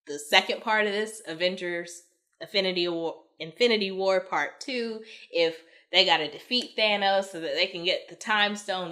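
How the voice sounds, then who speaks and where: A woman's voice: mid-range voice, bright, forceful tone. A woman giving a casual, emotional spoiler review of a movie, sighing and exclaiming as she talks.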